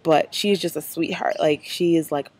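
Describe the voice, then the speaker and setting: Low-voiced chatty American young woman. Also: fairly even intonation, moderate pace, a little mellow, breathy edge. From United States. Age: young adult. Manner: chatty, rambling, many fillers. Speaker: vlogger. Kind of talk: casual vlog.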